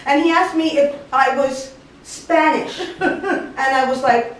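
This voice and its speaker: On stage, a Puerto Rican woman in her forties, from a Puerto Rican family, performs a funny story in an animated way, imitating the voices of its characters. She speaks slowly in a high voice, and a distant mic in an echoey room catches slight background noise.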